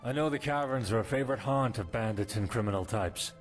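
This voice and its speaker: A man voicing a dutiful male captain of the guard in a modded game, brisk and matter-of-fact. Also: lowish voice, faint music behind, lightly acted. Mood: stern. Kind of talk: modded game character dialogue.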